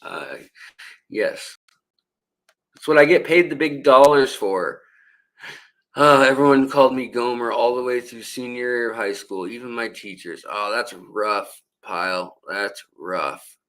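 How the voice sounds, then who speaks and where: A man's voice: medium pitch, a little slow, a bit bright, poor audio. A man hosting a casual livestream, rambling with many fillers and restarts while he reads out and answers viewer comments. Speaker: livestream host.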